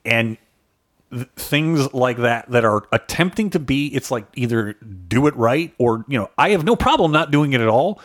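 Animated and medium-pitched, a podcast co-host from suburban Chicago chats casually at a moderate pace, his slight South Side accent showing. He rambles, recites facts, and frequently stops to correct himself partway through sentences.

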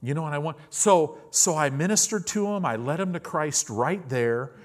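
A man in his fifties preaching, telling a testimony story in an animated way. He repeats words often and acts out the people in his story. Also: a little high, moderate pace. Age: 50s.

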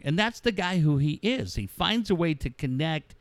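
Lively, animated man on sports radio. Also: fairly high pitch, moderate pace, no room sound. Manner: animated storyteller, swears freely, acts out quotes. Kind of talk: casual sports radio chat.

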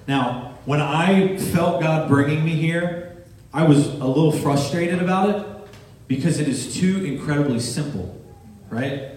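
Preaching pastor in an echoey hall. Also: male voice, fairly high pitch, measured pace, darkish tone, slight background noise. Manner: conversational preaching with humor and rising emphasis. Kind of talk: sermon. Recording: echoey church hall from far off, with guitar.

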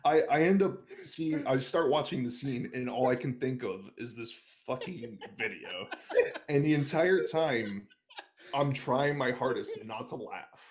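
This young man, a guest in an interview, speaks at a medium pitch and takes his time. He rambles through a long, casual story, swearing constantly and laughing as he tells it.

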